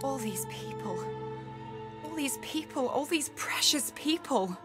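An actress playing a haunted young woman fighting a demon inside her, speaking in halting, anguished bursts, with soft game music behind. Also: high voice, lively intonation. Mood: distraught. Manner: halting, anguished, faltering speech. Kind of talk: video game voice acting.

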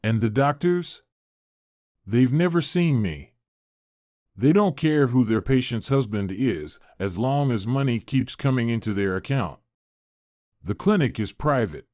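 A man's voice: mid-range voice, expressive, a little slow, a little mellow, dry recording, studio quality, lightly acted. A man voicing an arrogant, unfaithful wealthy businessman who speaks curtly. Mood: dismissive. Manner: curt and arrogant.

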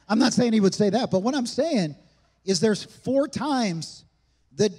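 A man's voice: high voice, lively intonation, takes it slowly, long pauses, a little mellow, breathy edge, in a large hall. A male pastor preaching a sermon in a church, emphatic and conversational, with frequent rhetorical questions to the congregation. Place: church sanctuary.

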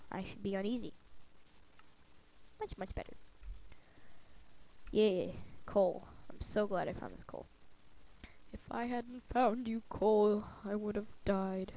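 A woman's voice: mid-range voice, gravelly, a little mellow, poor audio. A woman with a cold giving casual gameplay commentary, talking to herself with sing-song asides. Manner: chatty self-talk with sing-song asides. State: has a cold. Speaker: let's play gamer.

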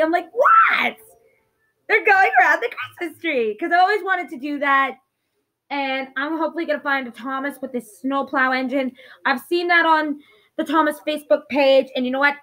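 A woman's voice: sits high, a bit bright, low-quality recording. A young woman vlogging at home, emotional and apologetic, talking through tears. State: crying. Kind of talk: casual talk to camera.

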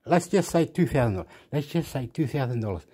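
A man who lives in Australia casually reviewing a phone, rambling and thinking aloud with many pauses. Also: mid-range voice, animated, mellow, slightly rough. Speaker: vlogger.

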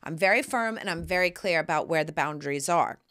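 A bright-voiced woman in her thirties chats through her own podcast, lively and expressive. She often leaps into loud, high mock voices. The sound is dry and close, with no room around it. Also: fairly quick, dry recording. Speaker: podcast host. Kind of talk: casual chat.

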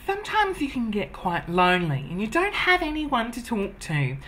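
A vain, self-adoring woman, played by a man, gushing at her own reflection in a comedy sketch. Her voice swoops up and down with lively animation and a bright, forceful edge. She flatters herself nonstop in chatty, over-the-top bursts. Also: very high-pitched, moderate pace, full character voice. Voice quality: wig-wearing drag persona, chatty and gushing. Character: vain self-obsessed woman named Trish. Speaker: comedy character host.

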